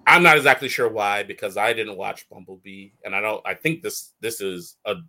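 Brief: bright, lively male talk-show host who riffs and laughs a lot. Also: fairly low pitch, a little fast. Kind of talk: casual chat.

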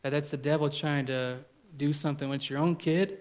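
A man's voice: on the high side, fairly even intonation, fairly quick. A middle-aged man preaching a sermon as pastor, blunt and conversational, telling stories with emphatic repetition.

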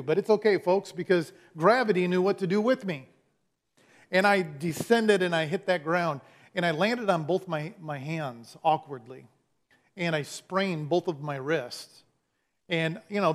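A pastor delivering a sermon, telling a funny childhood story in a folksy, conversational way. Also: male voice, sits high, normal speed.

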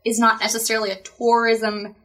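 A woman's voice: fairly high pitch, little pitch movement, fairly quick, a bit bright. Upbeat chatty woman podcast host. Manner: upbeat and chatty, with playful exclamations. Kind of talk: casual podcast chat.

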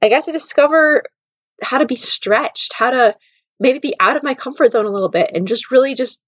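A woman's voice: high voice, fairly quick, no room sound, highs cut off. Chatty woman telling a camp story. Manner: casual, lots of "like" fillers, laughs while telling. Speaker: podcast host. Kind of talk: personal storytelling monologue.

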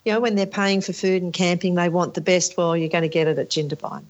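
Enthusiastic low-voiced woman. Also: fairly even intonation, fast, muffled recording. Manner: enthusiastic, storytelling. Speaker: event organizer. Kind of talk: casual panel chat.

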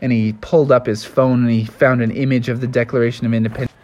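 An adult telling an improvised story to a child, animated and lively. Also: mid-range voice, quick pace. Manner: animated, lively, with many put-on voices.

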